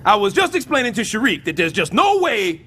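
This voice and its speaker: An actor playing a loud, wisecracking, scheming middle-aged building super in an animated sitcom. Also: male voice, fairly quick, slight background noise, exaggerated voice. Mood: blustering. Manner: loud, wisecracking, swings wildly in pitch.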